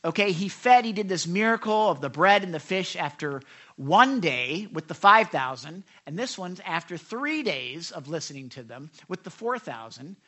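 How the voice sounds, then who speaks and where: A man's voice: sits high, lively intonation, moderate pace, a bit bright. A man preaching a sermon, talking conversationally, asking the congregation questions and acting out quoted voices. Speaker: pastor.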